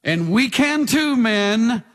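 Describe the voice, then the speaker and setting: A male pastor preaching a sermon in an animated way, with rhetorical questions and humorous asides, in a large church. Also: very high voice, takes it slowly. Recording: long hall reverb.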